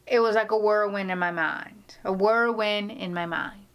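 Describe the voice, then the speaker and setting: A woman's voice: medium pitch, normal speed, smooth, lo-fi sound. A woman vlogger talking casually to camera, gushing and rambling, sometimes dropping to a whisper.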